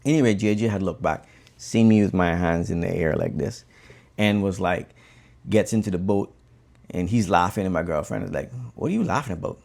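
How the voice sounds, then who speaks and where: A man from the Cayman Islands, a bonefish guide, telling a fishing story in a relaxed, conversational way while tying a fly. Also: sits low, normal speed, creaky.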